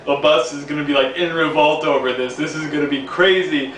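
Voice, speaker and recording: A man's voice: fairly high pitch, fairly even intonation, fairly quick, fairly bright tone. A man from the New York City area telling a rambling, casual story, repeating words and laughing along the way. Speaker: vlogger. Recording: echoey room, distant from mic, faint hiss.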